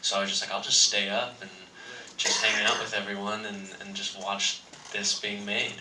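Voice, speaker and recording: A young man answers panel questions, halting and full of ums. His voice sits low and flat, with a sharp bright edge, and it echoes through a large hall from a distance. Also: background noise. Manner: halting, filler-heavy. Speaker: film actor on a convention panel.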